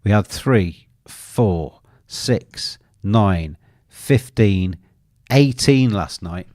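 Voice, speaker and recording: A man's voice: lowish voice, animated, drawn-out words, a little mellow, dry recording, clean studio sound. A man hosting a live football betting show, commenting on a match and teasing his co-host while reading viewer comments aloud.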